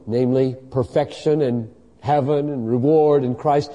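A man preaching a passionate sermon, swinging from hushed asides to loud, emphatic declarations, in a large hall with long reverb. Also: medium pitch, fairly even intonation, normal speed. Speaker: pastor.

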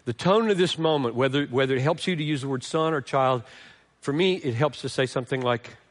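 A middle-aged male pastor preaching a sermon, swinging from emphatic lines to hushed, tender ones. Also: mid-range voice, a little fast.

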